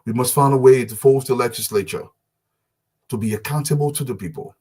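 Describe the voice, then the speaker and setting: A man's voice: medium pitch, a little fast, darkish tone, husky. Impassioned man rallying listeners. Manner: emphatic, repetitive rallying oratory. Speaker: community advocate host. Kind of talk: impassioned live-stream address.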